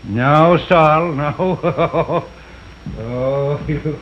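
An actor playing a jovial middle-aged neighborhood policeman in a 1930s film, chuckling warmly and barking orders at crowds. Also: fairly high pitch, extremely slow, lo-fi sound, a little hiss or hum.

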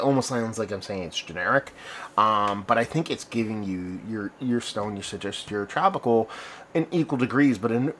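A man's voice: lowish voice, a bit bright, a little hiss or hum. A man hosting a casual beer review video, talking in a loose, rambling way and often correcting himself mid-sentence. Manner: rambling, conversational, self-correcting.

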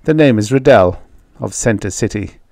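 Brief: man voicing a steady, authoritative corporal, clipped and firm, slightly low voice, dry mic. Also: normal speed, vocal fry, no echo. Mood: calm firm. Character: cool, commanding male undercover soldier.

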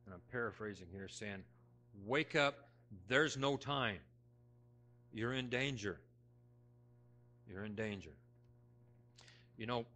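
A middle-aged man preaching a sermon as pastor, talking conversationally with folksy, self-deprecating humor, moving between loud emphasis and hushed asides. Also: fairly low pitch. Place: church sanctuary.

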